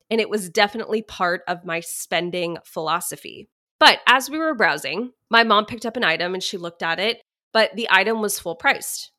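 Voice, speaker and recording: A woman's voice: mid-range voice, pushed and bright. A young adult woman hosting a solo money-coaching podcast, chatty and upbeat.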